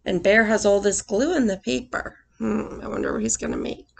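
A young woman teacher reading a picture book aloud to small children, with expressive sound effects and questions to the class. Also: medium pitch, fairly quick, vocal fry, a little hiss or hum.

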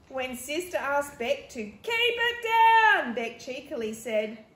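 A woman reads her handmade picture book to children in a gentle, explaining way. She speaks slowly, in a high voice. The sound echoes in a roomy space with faint ambience. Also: expressive, slight background noise. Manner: gentle, explaining to young kids. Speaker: teacher.

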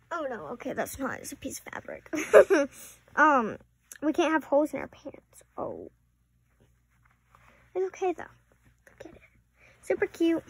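Chatty preteen girl, high voice. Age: around 11 or 12. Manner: chatty, rambling, apologetic asides. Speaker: vlogger. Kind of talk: casual vlog.

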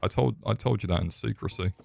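A man's voice: lowish voice, quick pace, creaky, a little mellow. A young Englishman streaming a game, joking crudely, swearing often and chatting back to his viewers. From England. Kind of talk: live gameplay commentary.

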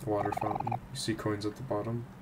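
A man playing a game and commenting in a sleepy, low-key way. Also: completely flat delivery, fast talker. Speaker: game player. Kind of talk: let's play commentary. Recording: loud background noise.

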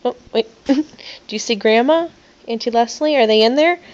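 Woman chatting w a toddler, high voice, sing-songy and coaxing, muffled phone audio. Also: moderate pace, a little mellow. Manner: playful, coaxing, sing-song. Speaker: caregiver talking to a toddler. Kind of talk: home video chat with a small child. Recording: dull lo-fi phone recording.

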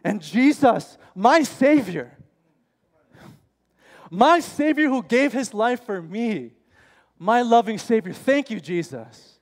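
A man's voice: very high-pitched, expressive, slow, pauses often. A man in his forties preaching an impassioned, emphatic sermon in a church, often calling his listeners friends. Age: 40s. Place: church sanctuary. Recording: church hall reverb, faint music.

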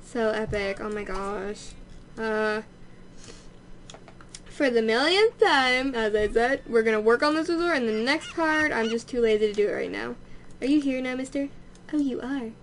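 A young woman giving casual, gushing commentary over a life-sim game she is playing, easily excited and chatty. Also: on the high side, moderate pace, slight background noise. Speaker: let's play host.

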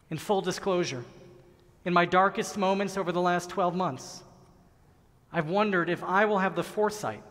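Middle-aged rabbi guy giving a sermon, highish voice, long echo off the big hall. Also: fairly bright tone. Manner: measured, earnest sermon delivery with slow emphatic pauses. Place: large synagogue sanctuary. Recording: long reverb of a large hall.

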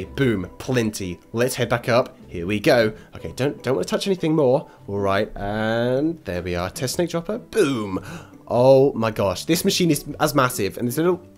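A young man chatters through his gameplay with a very lively, bouncing pitch. He gets excited easily and turns to his viewers to talk to them directly. Faint music plays underneath his voice. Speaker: YouTuber. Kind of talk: gameplay commentary.

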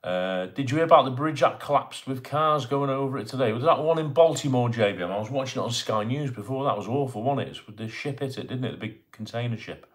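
A man's voice: mid-range voice, animated, quick pace, hardly any pauses. A middle-aged man hosting a casual live stream from home, chatting and greeting viewers by name as he reads their comments. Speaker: livestream host. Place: home in Bournemouth.

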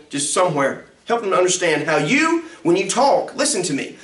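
A man, a pastor teaching a music ministry class in an animated lecture that swoops up and down in pitch. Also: normal speed. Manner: acts out sounds and quotes with big pitch jumps. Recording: roomy echo.

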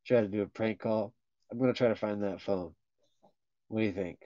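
A man's voice: lowish voice, steady tone, brisk, warm tone, no echo. A man hosting a playful livestream in a costume persona, joking around and reading viewer comments aloud. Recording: dull lo-fi livestream audio.

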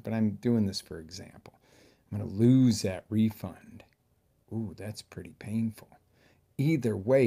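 A man giving a motivational coaching talk, animated, jumping between loud bursts and quiet asides and acting out examples. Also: fairly low pitch, gravelly. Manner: talks through examples with acted-out inner voices. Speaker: fitness coach.

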